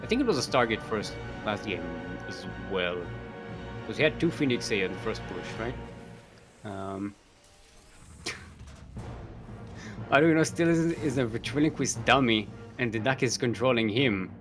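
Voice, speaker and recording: A man's voice: medium pitch, expressive, normal speed, pauses often, a bit bright, soft background music. A man casting a live strategy-game tournament, rambling and jokey, chuckling often, with many fillers. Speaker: esports caster.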